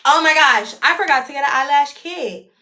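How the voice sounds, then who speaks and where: An excitable, chatty woman hosts a casual beauty livestream from home, slangy and swearing freely. Her voice is high and bright, with a faint hiss behind it. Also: moderate pace. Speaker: beauty vlogger hosting a livestream.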